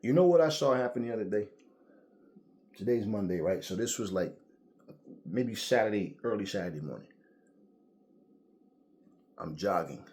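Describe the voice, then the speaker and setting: A man with a lowish voice rants casually to his viewers. He tells stories in a loose, profane way, full of slang and lively asides. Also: normal speed, long pauses. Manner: profane, animated storytelling with slang. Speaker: boxing commentator. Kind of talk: casual rant to camera.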